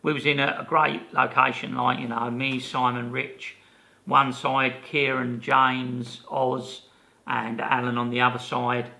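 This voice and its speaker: Gravelly older man telling stories. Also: mid-range voice, a little slow. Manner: animated anecdote teller, many fillers and restarts. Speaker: podcast co-host. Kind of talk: casual storytelling chat.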